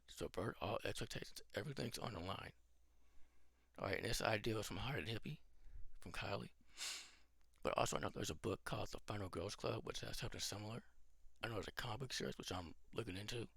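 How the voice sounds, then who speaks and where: A man casually rambling through his own film pitch as a channel host, thinking aloud as he goes. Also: gravelly, a bit bright, slightly rough, no room sound.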